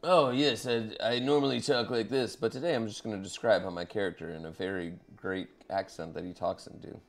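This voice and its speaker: During a racing game livestream, a man with a lowish voice and fairly even intonation talks at normal speed. He addresses his viewers casually, swearing and wandering off on side remarks.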